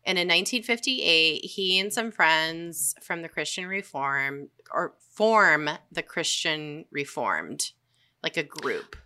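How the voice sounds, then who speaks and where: A woman's voice: low voice, lively intonation, takes it slowly, pushed and bright. A woman co-hosting a podcast, telling a story in casual chat, profane and joking. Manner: profane, joking, laid-back delivery. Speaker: podcast co-host.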